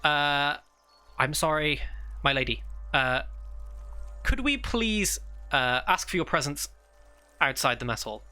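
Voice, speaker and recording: A man voicing a polite, deferential male guard in a tabletop game, hesitant and full of pauses. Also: a little high, bright, forceful tone, clean tone, faint music behind, heavily acted.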